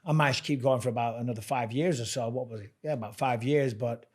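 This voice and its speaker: A man's voice: medium pitch, quick pace. English man telling stories in a podcast. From England. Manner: chatty storyteller, swears freely, laughs at own stories. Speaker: guest, fight commentator. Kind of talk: casual podcast chat.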